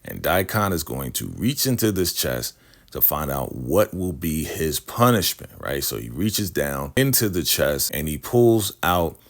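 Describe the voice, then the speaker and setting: A man with a very deep, low-pitched voice recaps a TV episode for his channel. He talks in a loose, chatty way and keeps checking in with "right?". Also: very animated, a little slow. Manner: chatty, keeps asking "right?", acts out quotes. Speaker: show recapper.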